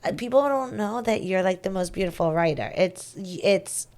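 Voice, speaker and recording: A woman's voice: mid-range voice, animated, normal speed, a little mellow. A woman podcast host in casual chat, telling a story with lots of back-and-forth and quoted messages.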